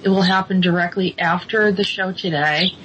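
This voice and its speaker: A woman's voice: fairly low pitch, fairly even intonation, normal speed, fairly bright tone. Hesitant woman hosting, lo-fi sound. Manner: hesitant, many ums and restarts. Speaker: host. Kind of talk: casual spiritual talk show chat. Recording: dull lo-fi sound with faint noise.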